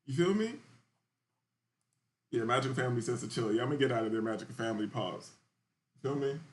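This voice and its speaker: A man's voice: mid-range voice, expressive, fast talker. A young man telling a loose, slangy story in casual podcast chat, often checking in with the listener. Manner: loose and slangy, keeps asking "you feel me". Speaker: podcast host.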